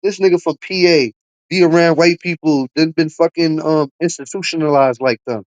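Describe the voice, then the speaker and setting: A man's voice: fairly high pitch, normal speed, a little mellow, no echo, lo-fi sound. Profane trash-talking male streamer. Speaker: livestream host. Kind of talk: heated livestream rant.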